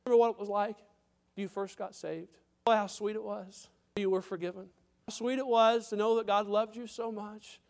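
A man's voice: high voice, steady tone, moderate pace, creaky. A man pastor preaching a sermon, emphatic, with repetitions and direct questions to the congregation.

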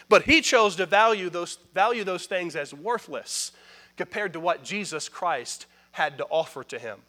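Man, pastor, sermon, high voice, bright tone, emphatic, calls to the congregation. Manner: emphatic preaching that swings from quick asides to loud pronouncements; addresses the congregation directly and calls for responses.

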